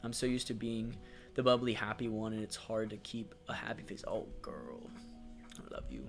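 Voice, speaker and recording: Male streamer host, flat gentle delivery, supportive and affectionate, faint music underneath. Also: fairly low pitch, normal speed, vocal fry. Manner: affectionate, supportive, frequent fillers; reads chat comments aloud. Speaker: livestream host. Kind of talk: casual livestream chat.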